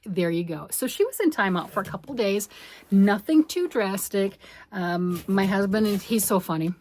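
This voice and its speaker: A woman's voice: mid-range voice, lively intonation, normal speed, darkish tone. A middle-aged woman chatting casually to camera about her crafts from her home, bubbly and self-deprecating. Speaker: crafting vlogger.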